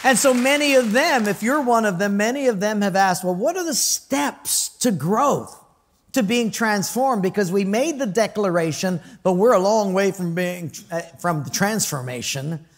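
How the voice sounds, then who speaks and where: A man's voice: high voice, expressive, moderate pace. A male pastor preaching a conversational sermon, telling stories and asking the congregation questions. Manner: storytelling, conversational, asks the crowd questions; acts out quoted voices with laughter.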